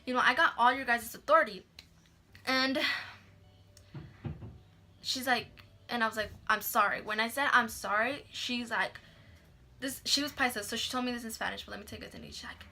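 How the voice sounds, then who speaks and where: A woman's voice: fairly high pitch, brisk, gravelly, pauses often, bright, forceful tone. A young woman telling a story in a casual vlog, chatty, swearing freely and acting out the people she quotes.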